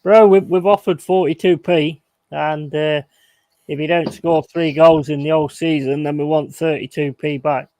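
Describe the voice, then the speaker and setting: A man's voice: a little high, steady tone, moderate pace, a little mellow, dry recording. A man on a football chat panel, dropping dry joking asides. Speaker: podcast panelist. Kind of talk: casual football banter.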